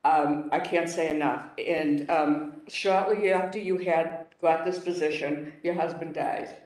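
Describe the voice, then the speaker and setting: A man speaking as a councilor at a hearing, emotional and halting, rambling with restarts. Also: on the high side, steady tone, darkish tone. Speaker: city councilor. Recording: echoey room, off-mic.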